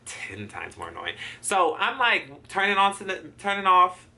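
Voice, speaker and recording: A man's voice: high-pitched, huge pitch swings, moderate pace, bright, forceful tone. A man in his twenties vlogging a storytime, acting out his own reactions and swearing freely. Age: 20s. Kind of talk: storytime vlog.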